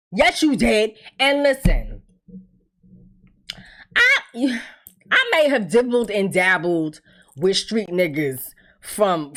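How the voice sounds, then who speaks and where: A woman talks through a TV episode in a casual recap. Her pitch swings up and down a great deal. She is blunt and profane, and she acts out the characters' lines herself. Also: fairly bright tone.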